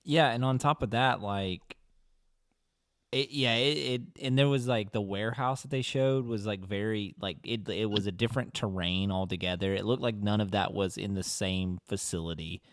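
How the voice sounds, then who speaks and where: A man co-hosting a podcast, recapping a film in casual chat, rambling with lots of "like" and quick laughs. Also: lowish voice, dry recording, clean studio sound. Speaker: podcast co-host.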